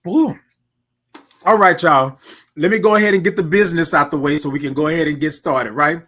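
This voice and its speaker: Chatty high-voiced man hosting. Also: brisk, a bit bright. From Houston, Texas. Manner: chatty, tags lines with "right?" and "y'all", reads viewer comments aloud. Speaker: host. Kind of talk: casual livestream morning chat. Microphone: desk microphone he can move aside.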